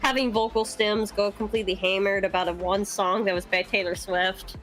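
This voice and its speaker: A woman's voice: medium pitch, fairly even intonation, brisk, a bit bright, faint music behind. A young woman, a voice actress, telling stories in casual chat, swearing freely and laughing often.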